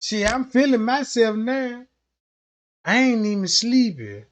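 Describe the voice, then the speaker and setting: High, animated young man livestreaming. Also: takes it slowly. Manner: animated, slangy storytelling. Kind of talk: casual livestream chat.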